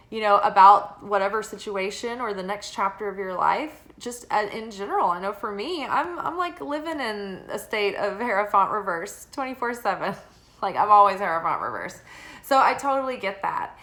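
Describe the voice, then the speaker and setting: A woman talks through a tarot reading with a bright, forceful tone. She is chatty and loose, with many fillers and quick laughs, and now and then she reads guidebook passages aloud. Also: mid-range voice, lively intonation. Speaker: tarot reader.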